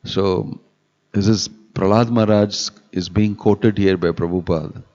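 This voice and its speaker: A man with a low voice giving a scripture sermon, reciting Sanskrit verses and driving his points home by repeating them. He keeps asking rhetorical questions. The audio is dull and lo-fi, as from a live webcast. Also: fairly even intonation, a little slow, a little mellow. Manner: repeats key phrases and asks rhetorical questions. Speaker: monk giving a scripture discourse.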